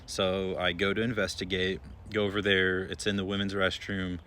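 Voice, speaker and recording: A young man who works as an emergency room nurse tells a story in a relaxed, chatty way, with many filler words. His voice sits a little low. A faint hum is heard behind him. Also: moderate pace. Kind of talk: casual storytelling to followers.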